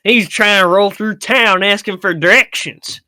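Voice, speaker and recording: Man playing boastful backwoods man, crude, bright voice, smooth, exaggerated. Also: high-pitched, a little slow, no echo, pitched above the performer's own voice, exaggerated voice. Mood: mocking. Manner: mocking, exaggerated.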